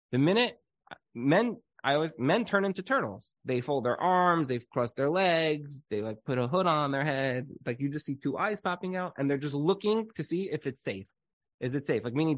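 A man's voice: fairly high pitch, fairly quick, dry recording. A man talking as a marriage counselor in a casual podcast chat, animatedly acting out what spouses say. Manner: animated, acts out quoted spouses.

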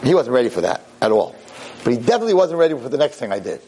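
A male rabbi recounts a story to listeners in a lively, wry way, cutting himself off and jumping back in. His voice sits in a plain middle register, with a soft hum of ambient noise behind it. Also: medium pitch, racing, rough recording. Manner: animated, self-interrupting, wry. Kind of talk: storytelling talk to an audience.

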